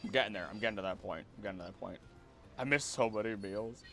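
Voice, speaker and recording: A man's voice: on the low side, quick pace, a bit bright, soft background music. A young man streaming a game live, chatting playfully with his viewers and the creatures on screen. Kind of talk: live gameplay commentary.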